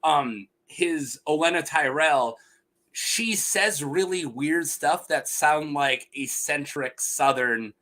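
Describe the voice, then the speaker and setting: A man's voice: on the high side, slow pace, bright, forceful tone. A young man hosting a casual podcast chat, rambling and laughing often as he mimics voices. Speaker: podcast host.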